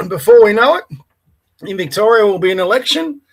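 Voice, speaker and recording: A man with a somewhat high speaking voice hosts his morning livestream. He rambles casually, dropping fillers as he chats and reads scripture. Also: animated, normal speed, creaky, fairly bright tone. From Australia. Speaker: podcast host. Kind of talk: casual morning commentary and Bible reading. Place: Melbourne, by the bay.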